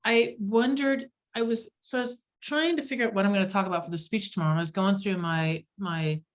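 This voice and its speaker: A woman hosting a casual group chat, telling stories in an animated, self-deprecating way. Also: medium pitch, fairly quick.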